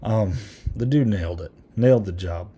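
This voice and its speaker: A man's voice: on the low side, normal speed, dark tone, husky. A man hosting a podcast, giving a casual movie review in a rambling way, full of "um"s, with an occasional chuckle. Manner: rambling, many filler ums; chuckles now and then. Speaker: podcast host.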